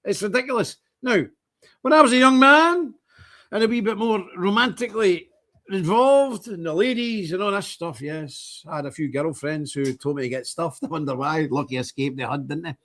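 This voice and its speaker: A man's voice: high voice, normal speed. A middle-aged man with an Irish accent hosting a casual, rambling monologue and acting out bits of dialogue. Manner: rambling, animated, acts out quoted dialogue. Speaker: host of a church channel's update stream.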